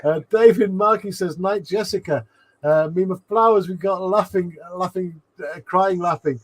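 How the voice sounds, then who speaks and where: A man's voice: sits high, normal speed. Laughing man reading chat aloud. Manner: reads chat messages aloud with frequent laughs and fillers. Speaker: livestream host reading chat. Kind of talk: casual chat.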